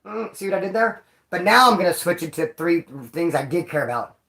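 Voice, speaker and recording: Speaking casually to the camera, a man recounts his time in prison with slang, profanity, and plenty of energy, frequently imitating other people's voices. His voice sits high, gravelly, and brisk.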